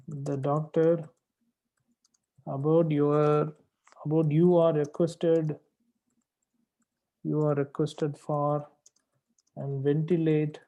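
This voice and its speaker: A man working as an English test tutor, going over a student's mistakes and repeating the key advice slowly for emphasis. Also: a little high, warm tone. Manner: corrective and repetitive, slows down to stress key phrases. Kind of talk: spoken feedback on a practice test.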